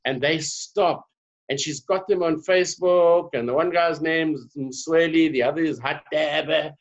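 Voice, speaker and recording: A South African man speaking as a guest in a conversational interview, an animated storyteller. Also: on the high side, a little slow. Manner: animated storyteller, laughs often. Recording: dull lo-fi sound.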